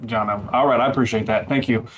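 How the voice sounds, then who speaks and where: A man's voice: mid-range voice, lo-fi sound, slight background noise. Easygoing male podcast host. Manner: easygoing, halting with restarts. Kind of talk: casual chat.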